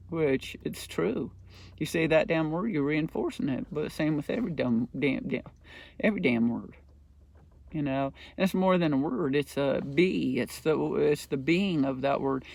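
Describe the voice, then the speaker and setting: A man's voice: on the high side, creaky, darkish tone. A middle-aged man hosting a podcast, telling a rambling story in a casual, profane monologue. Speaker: podcast host.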